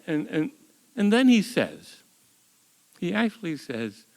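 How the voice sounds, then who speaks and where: Older guy, 70s, tells stories on stage, lively up-and-down voice, slightly high, wry, keeps repeating words. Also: takes it slowly, vocal fry, big-room sound, low-quality recording. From United States. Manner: animated, wry, with frequent word repeats. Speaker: storyteller. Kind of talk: live story slam storytelling. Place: stage at a live storytelling event.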